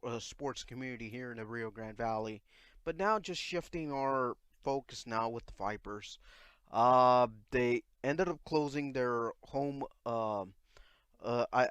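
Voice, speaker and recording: A man hosting a sports podcast who asks questions in a halting way, with many fillers and restarts. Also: mid-range voice, a bit bright, smooth, no echo. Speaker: podcast host. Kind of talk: casual interview chat.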